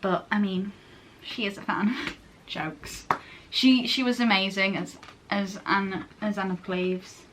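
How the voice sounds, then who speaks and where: A late-teen English girl, a vlogger, chats casually in a mid-range, fairly bright voice with fairly even intonation and a slow pace. She gushes and rambles, often interrupting herself, over a little hiss or hum.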